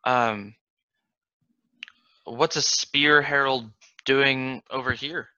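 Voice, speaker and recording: Stammery guy at a tabletop game, bright sharp voice, dry lo-fi sound. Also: mid-range voice, fairly even intonation, clear, resonant tone, dry recording. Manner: halting, stammering. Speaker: player. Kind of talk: in-character tabletop play. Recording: dry, dull lo-fi mic.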